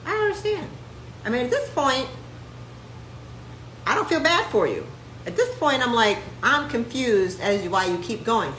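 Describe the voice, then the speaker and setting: Brash, animated woman ranting live. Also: fairly high pitch, normal speed, pauses often, echoey room, slight background noise, rough recording. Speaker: host; chiropractor. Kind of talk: live-stream rant.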